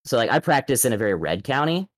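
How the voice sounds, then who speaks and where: A man calling in to a live show as a prosecutor, speaking in a measured, hesitant way with fillers. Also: mid-range voice, very animated, no echo, studio quality. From Texas. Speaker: caller, prosecutor. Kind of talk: casual call-in chat.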